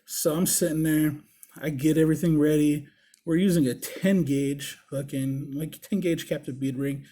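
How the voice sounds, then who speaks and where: A man hosting his own show, telling a story in a casual, profane, animated way and acting out the dialogue as he goes. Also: on the high side, moderate pace. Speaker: body piercer and show host.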